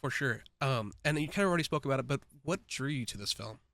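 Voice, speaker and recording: A man's voice: mid-range voice, lively intonation, fast, fairly bright tone, no room sound. A man interviewing an actor, asking eager, rambling questions in a casual way.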